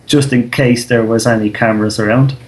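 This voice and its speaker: Irish man, thirties, podcast co-host, slangy storyteller, swears a lot, mid pitch. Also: steady tone, a little fast. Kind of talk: casual chat.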